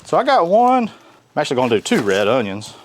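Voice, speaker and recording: A man's voice: fairly high pitch, fairly quick. A man from North Carolina, hosting a casual outdoor cooking demo in a folksy, joking way. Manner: folksy, jokey, animated. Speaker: cooking show host. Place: outdoors by a grill.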